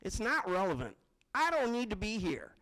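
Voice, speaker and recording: A man's voice: high voice, wildly swooping pitch, moderate pace, pushed and bright, voice pushed up, exaggerated voice. A man voicing a weary frog in a spoken parable who shrugs and says he does not need to be there. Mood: dismissive. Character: weary male frog ready to quit.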